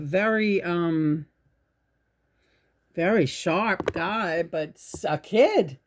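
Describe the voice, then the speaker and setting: Indoors at home, a woman hosting her own channel tells a spiritual story in a rambling, halting way, swearing and restarting sentences. Her voice is fairly low and a little mellow.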